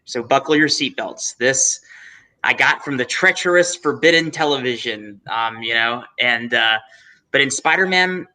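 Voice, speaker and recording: A man's voice: medium pitch, measured pace, bright, forceful tone. A man co-hosting a casual chat, talking reflectively with rambling asides and self-corrections. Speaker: co-host.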